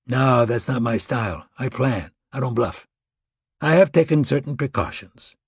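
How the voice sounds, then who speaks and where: A man's voice: medium pitch, moderate pace, breathy edge, no room sound, studio quality. A man voicing a smug calculating traitor. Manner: amused, calm and condescending. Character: smug injured male American traitor, coolly calculating.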